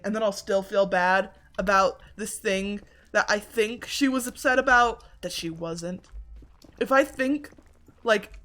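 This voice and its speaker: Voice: medium pitch, expressive, moderate pace, a bit bright. A game streamer in casual chat while playing, rambling with lots of filler words and a self-deprecating tone, on a desk mic at home. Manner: rambling, many filler likes.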